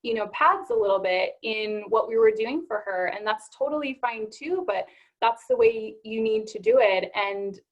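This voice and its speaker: A woman's voice: fairly high pitch, normal speed, muffled recording. A woman naturopathic doctor hosting an interview, talking in an encouraging way and often stressing "absolutely". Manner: warm encouraging, emphatic with "absolutely". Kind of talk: conversational interview.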